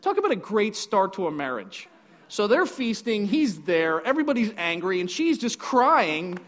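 A man with a high-pitched voice tells a Bible story in a loose, conversational way. He acts out the people in the story and breaks off for jokey asides, which keeps the telling lively. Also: moderate pace. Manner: animated, acts out the characters with joking asides. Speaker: Bible teacher.

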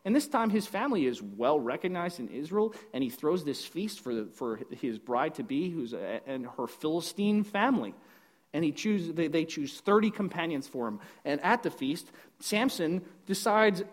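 A man with a high-pitched voice tells a Bible story in a loose, conversational way. He acts out the people in the story and breaks off for jokey asides, which keeps the telling lively. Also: moderate pace. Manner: animated, acts out the characters with joking asides. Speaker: Bible teacher.

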